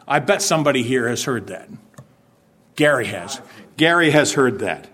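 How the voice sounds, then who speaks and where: A man's voice: mid-range voice, lively intonation, moderate pace, fairly bright tone. A man preaching a sermon in church. He asks the congregation questions and acts out stern warnings to drive his point home. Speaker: pastor.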